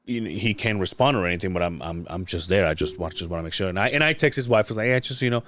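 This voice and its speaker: Low-voiced man telling a rambling story. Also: lively intonation, rapid-fire, fairly bright tone, slight background noise. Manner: rambling storytelling with many restarts. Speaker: podcast host. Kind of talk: casual podcast chat.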